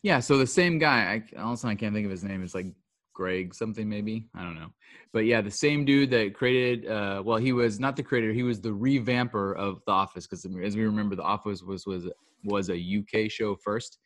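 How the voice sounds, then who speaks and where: A man's voice: on the low side, moderate pace, a bit bright, no echo. A man co-hosting a podcast, chatting casually and rambling through his opinions with fillers. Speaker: podcast co-host. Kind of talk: casual chat.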